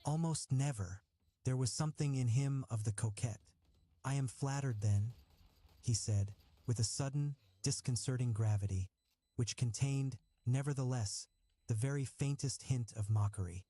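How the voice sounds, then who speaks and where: Mellow, reflective male narrator. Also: mid-range voice, slightly rough, dry recording. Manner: measured, reflective first-person narration. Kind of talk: audiobook reading.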